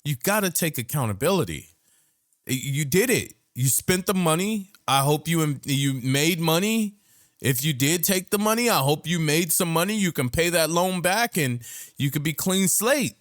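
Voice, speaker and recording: A man's voice: fairly high pitch, animated, moderate pace, a bit bright, dry recording, studio quality. A man hosting a reaction video, bluntly scolding the people in the clips and calling for accountability. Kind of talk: casual reaction commentary.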